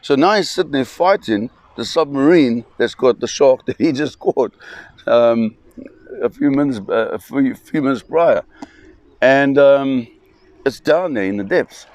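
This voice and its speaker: A man telling a spoken anecdote, animated, with fillers and restarts. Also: medium pitch, measured pace, dry recording.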